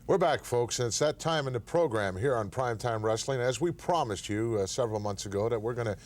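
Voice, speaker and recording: Steady earnest male wrestling host. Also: mid-range voice, fairly quick, dry recording. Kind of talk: broadcast commentary.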